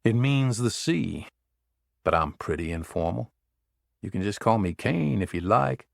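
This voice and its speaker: A man doing a dry-witted, self-assured male agent, low and gravelly. The delivery is close and dry, like an audiobook read. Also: animated, a little slow, dry recording. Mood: wry. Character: wry, confident male Secret Service agent.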